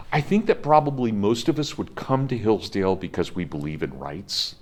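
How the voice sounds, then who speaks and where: Fifty-something guy lecturing a college class, really lively voice, gets fired up. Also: fairly low pitch. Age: 50s. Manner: impassioned, emphatic, addresses students directly.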